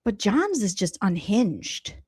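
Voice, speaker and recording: A woman comedian giving casual, sarcastic reaction commentary, swinging between loud outbursts and whispered asides. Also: mid-range voice, big pitch swings, takes it slowly, slightly rough, no echo, clean studio sound.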